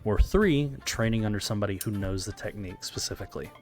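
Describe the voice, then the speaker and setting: A man with a fairly low voice runs a tabletop role-playing game, walking the players through the rules and narrating the scenes in a relaxed, explanatory way. Music plays clearly behind him throughout. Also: fast talker. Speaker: game master.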